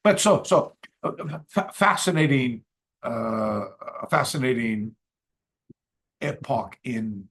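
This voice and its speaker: An older man from Canada telling a story as a podcast guest, halting, with many restarts and fillers. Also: mid-range voice, sing-song, fairly bright tone. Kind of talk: casual storytelling interview.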